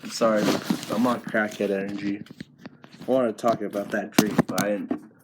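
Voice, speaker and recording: A man's voice: on the low side, level tone, normal speed, heavy background noise. A young man casually recounting a dream as a vlogger, profane and rambling, often breaking into laughter.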